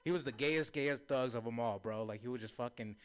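A young man doing a stand-up comedy set, profane and rambling, laughing at his own jokes and saying he is high. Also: fairly quick, clean tone. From Native American heritage. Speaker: stand-up comic.

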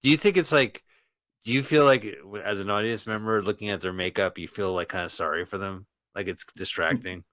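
A man's voice: on the low side, fairly quick, a bit bright. A man co-hosting a podcast, making casual wisecracks and goofy bits about a bad movie. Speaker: podcast co-host. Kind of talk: casual movie-riff chat.

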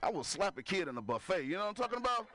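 Man, stand-up comedian, bright voice, lively swooping delivery, chuckles at his own punchlines. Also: high-pitched, very fast, slight background noise. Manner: loose, crowd-working, laughs at own jokes.

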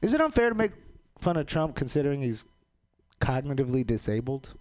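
Performing stand-up at a brisk pace, a young adult man alternates flat, deadpan one-liners with sudden loud, shrill outbursts.

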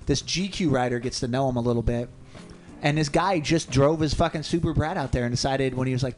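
Rambling man telling a story on the radio. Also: mid-range voice. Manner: animated, rambling, swears freely. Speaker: co-host. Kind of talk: casual storytelling on talk radio. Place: radio studio.

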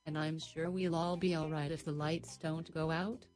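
A woman's voice: low-pitched, flat delivery, moderate pace, lightly acted. A woman doing an eager young woman. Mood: wistful.

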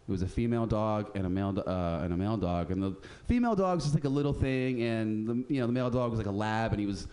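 A man's voice: on the low side, warm tone. A man hosting a radio show, telling street stories in a casual, profane way and acting out the people he quotes. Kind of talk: casual storytelling chat.

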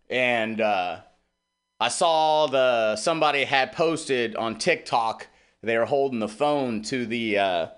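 A man's voice: medium pitch, a bit bright. A middle-aged man hosting a radio show, rambling through a heartfelt personal monologue with plenty of swearing.

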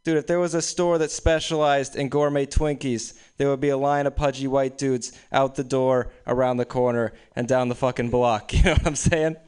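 Young man doing deadpan stand-up. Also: mid-range voice, moderate pace, hardly any pauses, clean tone. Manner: casual, deadpan storytelling with frequent laughs. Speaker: stand-up comedian. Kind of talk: open mic stand-up set. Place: small room with few people. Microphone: stage microphone.

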